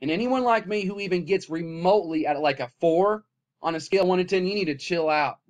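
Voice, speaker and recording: A man recording an impassioned vlog rant, swinging between loud, heated outbursts and low, weary muttering. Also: brisk. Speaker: vlogger.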